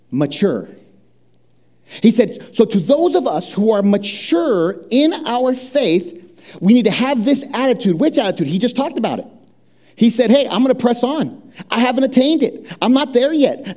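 A middle-aged man preaching a sermon, chatty and conversational, asking the congregation questions and sinking low and quiet when he speaks of prayer. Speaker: pastor.

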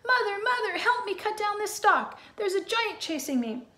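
A panicked young boy, put on by a woman cries out in a thin, very high voice. He pleads quickly and urgently. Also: big pitch swings, bright, forceful tone, roomy sound, exaggerated voice. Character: frightened young boy hero calling for help.

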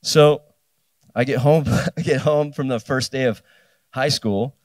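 This keynote speaker, a man in his fifties from New Jersey, shares a personal story live at a festival and performs the dialogue. His mid-range voice is unhurried with fairly even intonation, and there's no echo.

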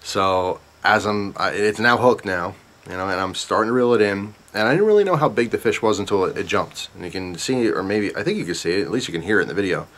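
A man vlogger casually telling a story, rambling and animated, with lots of asides to the viewers. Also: fairly low pitch, fast.

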